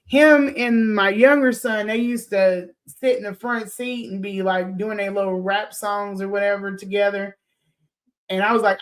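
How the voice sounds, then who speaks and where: A woman in her forties hosting a podcast, telling a personal story in a loose, animated way, swearing freely and acting out what people said. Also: medium pitch, moderate pace. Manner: animated, swears freely, laughs, acts out quotes. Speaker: podcast host. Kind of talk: casual storytelling to listeners.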